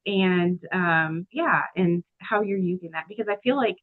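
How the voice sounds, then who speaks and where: A woman's voice: on the low side, normal speed, no echo. A woman co-hosting a podcast, affirming and supportive as she chats with a guest. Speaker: podcast co-host. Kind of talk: casual conversation. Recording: dry, phone-like remote audio.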